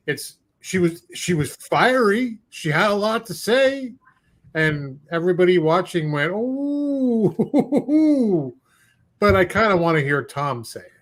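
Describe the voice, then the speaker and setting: A man co-hosting a podcast with a voice pitched a little higher than most men's. He talks in a wry, deadpan way and drops jokes in between hesitant "uh"s. His manner stays easygoing and conversational. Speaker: podcast co-host. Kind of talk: casual podcast chat.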